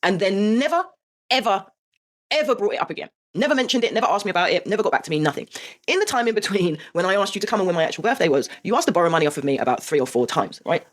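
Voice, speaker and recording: Host, woman, 40s, rapid and emphatic confessional delivery. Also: mid-range voice, expressive. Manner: emphatic and heartfelt, swears, asks rhetorical "right?". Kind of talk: personal confessional monologue.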